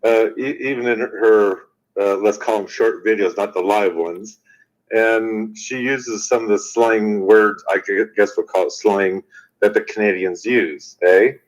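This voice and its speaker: A man from the United States with a deep voice, chatting casually and joking dryly. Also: rough recording. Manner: relaxed, dry joking, drawn-out opinions. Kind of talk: casual live-stream chat.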